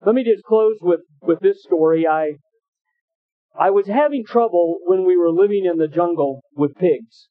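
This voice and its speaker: Brief: male pastor, folksy sermon storyteller, slightly high voice, dry tinny phone-like sound. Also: normal speed, dry recording, soft background music. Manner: folksy, anecdotal, with hesitant restarts. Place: church.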